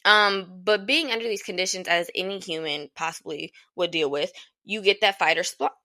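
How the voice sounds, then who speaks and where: Young woman, podcast host, casual advice monologue, blunt, swears freely, crisp bright tone. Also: fairly low pitch, moderate pace, no room sound. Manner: repeats lines for emphasis.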